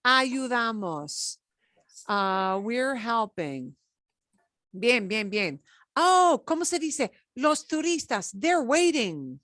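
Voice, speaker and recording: A woman teaching a beginner Spanish class, chatty and encouraging, slowing down to drill words. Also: a little high, big pitch swings, fairly bright tone, dry recording, clean studio sound.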